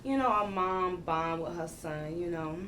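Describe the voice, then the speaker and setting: A woman hosting a casual reality TV recap, talking in slangy, animated bursts with laughing exclamations. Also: fairly low pitch, a little slow, recorded from a distance, a little hiss or hum.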